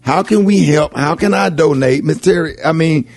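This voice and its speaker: A man hosting a radio morning show, talking in animated, repetitive bursts. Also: on the high side, moderate pace, gravelly, no room sound. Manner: animated, repeats words when excited. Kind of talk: excited radio show banter.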